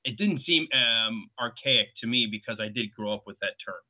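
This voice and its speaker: Man, mid-pitched voice, explains at length, acts out quotes, tinny phone-like sound. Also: moderate pace. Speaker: podcast guest. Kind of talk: casual film discussion.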